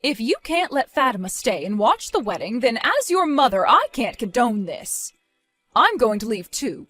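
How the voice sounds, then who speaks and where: A woman voicing a calm but stern mother in her fifties who scolds her daughter in a reproachful tone. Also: a little high, moderate pace, faint music behind. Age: 50s. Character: disappointed mother near retirement, stern.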